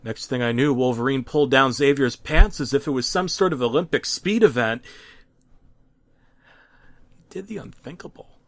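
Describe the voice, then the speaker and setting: A man's voice: medium pitch, moderate pace, long pauses. Man narrating a mock-serious horror story. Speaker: creepypasta narrator.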